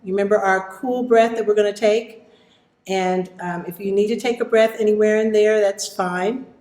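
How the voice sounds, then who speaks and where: A woman teaching children a vocal warm-up, encouraging them and demonstrating exercises. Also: mid-range voice, steady tone, moderate pace, roomy sound. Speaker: music teacher.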